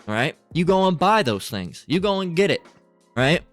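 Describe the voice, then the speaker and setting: A man's voice: a little high, very animated, moderate pace, soft background music. A middle-aged man in a crude, profane, rambling commentary, reading text aloud and asking "right?" a lot. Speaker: channel host.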